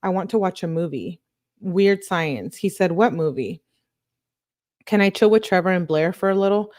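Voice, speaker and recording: A woman with a fairly low voice reads a long run of text messages aloud for her true crime channel. Her delivery is plain and matter-of-fact, and she drops quick, casual remarks between the messages. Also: a little mellow.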